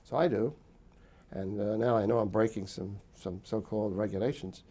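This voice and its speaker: An older man with a low, dark-toned voice tells his memories in an interview. He rambles warmly through the story, full of little fillers, and chuckles often as he goes. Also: fairly even intonation, moderate pace, breathy edge. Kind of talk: recounting wartime memories.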